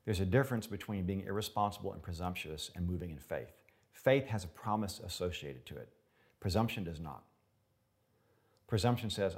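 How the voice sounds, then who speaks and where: A man's voice: sits low, lively intonation, fairly quick, darkish tone. A male pastor preaching a sermon in an emphatic style, repeating words for effect.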